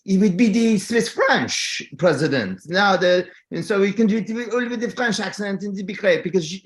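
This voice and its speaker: A male actor jokes playfully as a guest and often stumbles into restarts mid-sentence. His voice sits notably high for a man. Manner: jokey, halting restarts. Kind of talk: playful interview chat.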